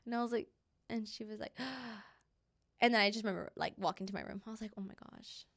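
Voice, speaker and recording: A woman's voice: on the high side, fairly even intonation, brisk, no echo. Young woman, podcast guest; casual, chatty storyteller who acts out quotes; dry, close mic. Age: young adult. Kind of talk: casual chat.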